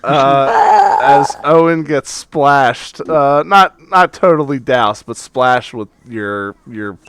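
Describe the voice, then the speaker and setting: A man narrating as game master in a tabletop game, chatty and quick to correct himself. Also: medium pitch, fairly bright tone, smooth, no room sound. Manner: chatty, laughing, self-correcting.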